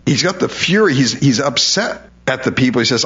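A man's voice: mid-range voice, lively intonation, fairly quick, fairly bright tone, muffled recording. A male pastor preaching a sermon in a conversational way, often repeating words as he stresses a point.

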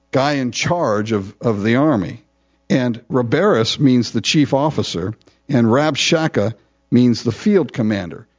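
A man's voice: mid-range voice, darkish tone. A male pastor teaching a sermon, reading verses and explaining them in a casual, conversational way. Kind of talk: expository sermon. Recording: dull lo-fi recording.

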